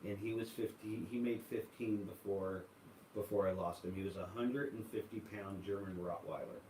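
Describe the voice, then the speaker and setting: An American man hosts a casual livestream, wandering through stories stuffed with fillers and reading viewer comments aloud. His voice is on the low side and darkish, steady at a normal speed, captured from far off in an echoey room with slight background noise.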